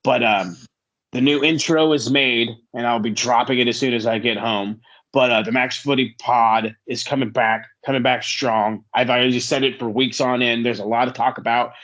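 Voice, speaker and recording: A man hosting a podcast, casually plugging upcoming shows and social accounts with quick asides. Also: mid-range voice, fairly even intonation, a bit bright, lo-fi sound. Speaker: podcast host.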